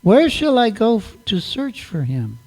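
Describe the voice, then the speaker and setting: A man voicing a gentle, respectful young woman. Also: high voice, huge pitch swings, a little slow, voice pushed up, heavily acted.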